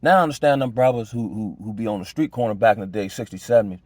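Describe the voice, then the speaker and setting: A man's voice: fast, dry recording. Dude telling his testimony, casual slang, lots of "you know what i'm saying", voice shoots up when he gets heated, dry room. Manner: emotional, pitch jumps high when agitated. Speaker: storyteller giving a personal testimony.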